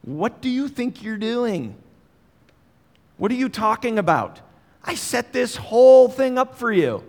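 A man voicing an excited, exasperated male disciple who scolds his teacher in high, incredulous, pleading tones. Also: unhurried, long reverb tail, full character voice.

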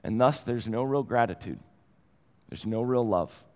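A middle-aged man preaching a sermon, telling stories conversationally and moving between quiet and animated passages. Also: medium pitch, a little slow. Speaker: pastor. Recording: long hall reverb.

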